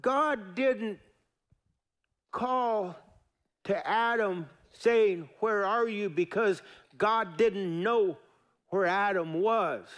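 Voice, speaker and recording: Drawing out his words and leaving long pauses, a middle-aged pastor preaches in a fairly high, slightly bright voice. His delivery is folksy and emphatic, with repeated phrases and asides aimed at the congregation.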